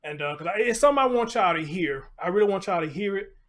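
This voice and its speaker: A man hosts a casual live stream in a loose, chatty way. His voice sits a little high for a man. Between remarks he talks playfully to his puppy. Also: lively intonation, quick pace, a bit bright. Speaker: host of a live show.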